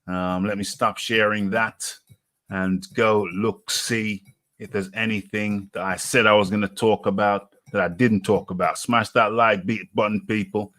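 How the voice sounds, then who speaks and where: Rambling British man, low voice. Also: flat delivery, a little slow, a bit bright. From United Kingdom. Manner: rambling, repeats his phrases, lots of fillers. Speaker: host of a live boxing talk show. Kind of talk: casual live-stream chat.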